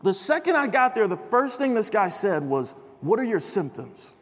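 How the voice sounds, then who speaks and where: A young man delivers a casual, story-driven sermon to a large chapel crowd, leaning on dude and bro as he talks. His voice sits high, and a long hall reverb trails behind every phrase. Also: normal speed. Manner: chatty, animated, says bro and dude. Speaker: chapel speaker. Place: large chapel before an audience.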